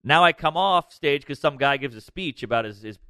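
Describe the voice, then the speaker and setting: A man's voice: mid-range voice, fairly quick, smooth, dry recording. A man, a comedian guest, telling a story in casual, profane podcast talk. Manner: animated, profane.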